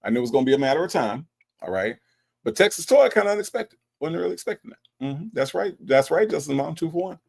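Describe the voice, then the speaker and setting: A man hosting a live stream, chatting casually and teasing his chat with an animated delivery. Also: fairly high pitch, quick pace, creaky. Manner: animated, teasing, mocks chat with exaggerated voices. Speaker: livestream host.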